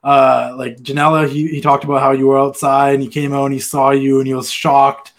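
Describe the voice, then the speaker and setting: A man's voice: medium pitch, little pitch movement, fairly quick, vocal fry. A man hosting a casual interview, asking curious questions and often answering with brief affirmations.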